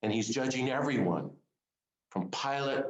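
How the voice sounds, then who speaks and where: A man preaches in an easy, conversational way, leaning on earnest questions put straight to his listeners. His voice sits at a middle pitch for a man. The sound carries a noticeable room echo. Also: a little slow. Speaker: speaker of a Lenten series. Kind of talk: informal sermon to a small group.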